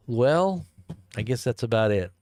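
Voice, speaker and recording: A man's voice: medium pitch, lively intonation, takes it slowly, a little mellow, no echo. A man hosting a live stream, rambling in a casual, joking way and chuckling as he answers chat. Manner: rambling, chuckling, jokey asides.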